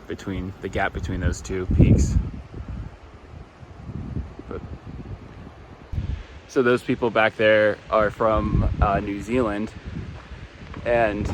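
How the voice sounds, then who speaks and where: A man talking casually to his camera while hiking outdoors on a mountain trail, rambling with plenty of "like" fillers. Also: fairly low pitch. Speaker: thru-hiker vlogger. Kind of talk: casual trail vlog narration. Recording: loud wind noise buffeting the mic. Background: strong wind.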